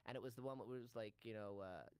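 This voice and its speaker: A man telling a long, animated story in casual chat, acting out bits of dialogue in quick voices. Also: medium pitch, smooth, no echo, poor audio. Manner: animated storyteller who acts out lines in quick character voices. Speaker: show regular recalling sketch work.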